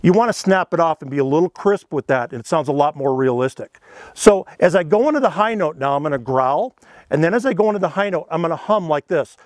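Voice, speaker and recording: Male instructor, fairly high voice, dry close sound, relaxed folksy demo delivery. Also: fast talker, no room sound. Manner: easygoing, conversational, folksy. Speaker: elk calling instructor. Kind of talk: instructional demonstration.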